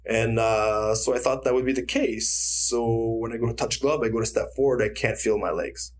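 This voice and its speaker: A man's voice: mid-range voice, moderate pace. A man, a retired fighter, telling stories in a casual interview, acting out quotes and swearing freely. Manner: animated storyteller, acts out quotes, swears freely.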